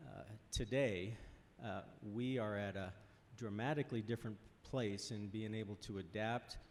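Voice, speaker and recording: A man speaking on a workshop panel, out of breath and halting, with many restarts. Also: fairly low pitch, fairly even intonation, a little hiss or hum. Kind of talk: panel discussion.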